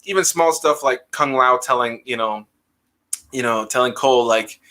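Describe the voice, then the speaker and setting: Easygoing male host, middle pitch, bright and forward tone. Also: moderate pace. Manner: relaxed, agreeable, filler-heavy. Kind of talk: casual podcast discussion.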